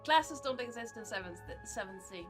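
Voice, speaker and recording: A woman game master chatting casually at the start of a stream, halting and hesitant with many fillers. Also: on the high side, expressive, music in the background.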